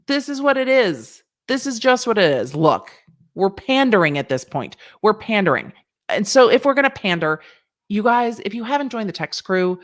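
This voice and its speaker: A woman lawyer hosts a relaxed livestream and talks straight to her viewers. She rambles, jokes and pleads playfully, and her pitch sits in an ordinary middle range. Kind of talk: casual livestream chat.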